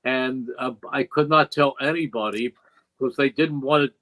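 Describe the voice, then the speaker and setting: A man's voice: mid-range voice, fairly even intonation, normal speed, a bit bright, rough recording. An older man, a veteran radio play-by-play broadcaster, telling stories earnestly in an interview and acting out quoted dialogue. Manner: earnest, reflective storyteller who acts out quoted dialogue. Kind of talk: interview storytelling.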